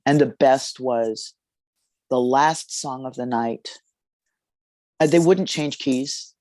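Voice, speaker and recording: A jazz singer, a woman, telling a story in an interview in an expressive, halting way with fillers. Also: a bass voice, no room sound.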